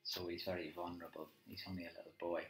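Deep-voiced male teacher annotating a poem. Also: little pitch movement, fast. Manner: conversational, thinking aloud with fillers and tag questions. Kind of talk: live poetry annotation lesson. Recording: roomy echo with faint music.

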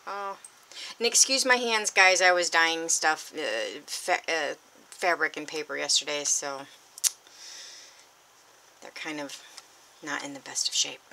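Excitable woman crafter, bright, lowish voice, gushes and whispers. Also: measured pace, pauses often, slight background noise. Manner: gushing, excitable, drifts into breathy whispers. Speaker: crafting vlogger. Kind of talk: unboxing vlog.

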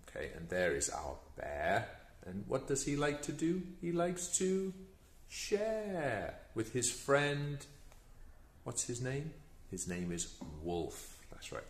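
A man teaching young children, reading picture books aloud in a slow, sing-song, exaggerated way. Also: medium pitch, big pitch swings, slightly rough.

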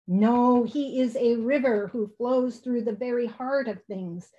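A woman's voice: a little high, measured pace, dark tone, lo-fi sound, close to an everyday voice. A woman voicing a bold waterfall in a storybook, speaking emphatically. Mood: emphatic.

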